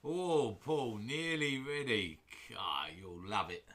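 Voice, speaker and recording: A man's voice: medium pitch, very animated, takes it slowly, a bit bright. A man hosting a woodturning livestream from his workshop, chatting casually with viewers in a jokey, rambling way. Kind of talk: casual chat greeting live viewers. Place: home workshop.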